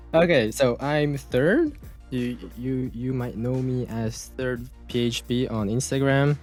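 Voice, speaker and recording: Young man, laid-back, halting, laughs a lot, casual podcast chat, faint music behind. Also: mid-range voice, expressive, darkish tone. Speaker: podcast co-host.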